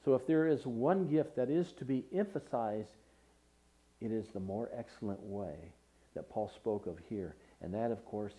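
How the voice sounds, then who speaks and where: A man's voice: mid-range voice, moderate pace, warm tone, rough recording. A male pastor preaching a sermon, reading scripture aloud with rising emphasis.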